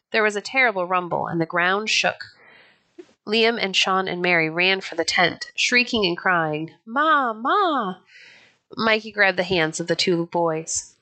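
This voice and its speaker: A woman narrating a children's pioneer story in a clear, even, unhurried storybook reading. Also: fairly low pitch. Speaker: audiobook narrator.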